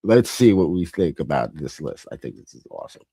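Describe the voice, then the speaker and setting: A man's voice: sits low, sing-song, brisk, dark tone, dry recording, clean studio sound. A man hosting a casual chat about films, rambling, often laughing, trailing off and restarting. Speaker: host.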